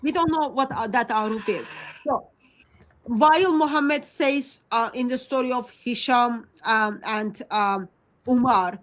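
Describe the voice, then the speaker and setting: A woman with a fairly high voice and a talks through her points on a casual livestream. She speaks haltingly, with many ums and restarts. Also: poor audio. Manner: hesitant, many fillers and restarts. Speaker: Christian apologist presenter.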